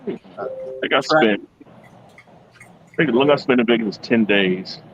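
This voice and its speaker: A man co-hosting a casual podcast chat, laid-back and quick to chuckle. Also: mid-range voice, lively intonation, muffled recording, over music.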